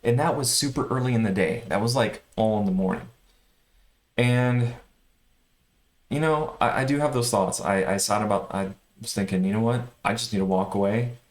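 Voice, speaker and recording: A man recapping his day of stock trading in a casual, animated way, swinging between excitement and frustration. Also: lowish voice, moderate pace, echoey room. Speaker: day trader vlogger.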